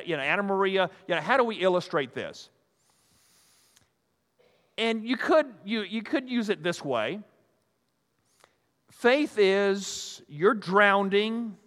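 An older man with a fairly high, rather bright and smooth voice preaches a conversational sermon to a live audience. He rambles in a folksy way, full of restarts, asides, and "you know." The hall with its audience gives the recording a long reverb.

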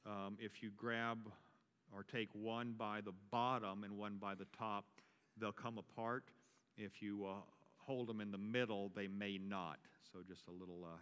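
A man's voice: fairly low pitch, fairly bright tone, clean tone. Preaching man in a reverberant church. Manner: builds to emphatic preaching, repeats key phrases. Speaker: pastor. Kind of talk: sermon leading communion. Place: church sanctuary. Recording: long reverb of a large church.

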